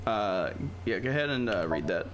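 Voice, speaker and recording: A man's voice: on the low side, sing-song, moderate pace, fairly bright tone, slight background noise. A man streaming a video game, thinking aloud in casual, profane commentary. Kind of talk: casual let's-play commentary.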